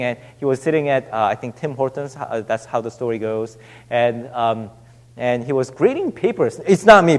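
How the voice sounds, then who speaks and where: A man pastor giving a sermon, halting with frequent restarts and fillers, dropping to a hush when quoting scripture. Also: a little high. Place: church sanctuary. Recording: long hall reverb.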